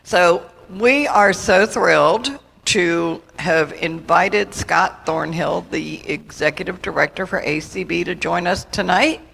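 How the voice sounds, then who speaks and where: A woman's voice: on the low side, takes it slowly, gravelly, few pauses, a bit bright, slight background noise. A woman hosting a convention session, easygoing, introducing the next speaker into a handheld microphone in a convention hall. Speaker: host of the event.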